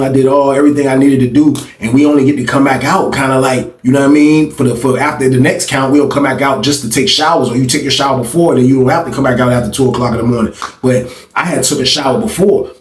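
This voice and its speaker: Fast-talking man telling a story, roomy sound. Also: recorded from a distance. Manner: animated, acts out other people's voices with big pitch jumps. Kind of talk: casual storytelling.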